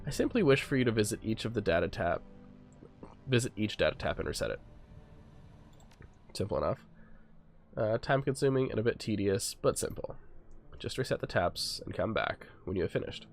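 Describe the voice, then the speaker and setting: A man's voice: lowish voice, expressive, moderate pace, pauses often, slight background noise. A man reading aloud the lines of a courteous male fixer in a game, with a formal, polite delivery.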